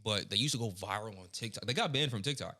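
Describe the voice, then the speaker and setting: Blunt, profane young man with a bright edge. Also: lowish voice, animated, fast talker. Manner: blunt, profane, heated ranting. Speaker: podcast co-host. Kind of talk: casual podcast chat.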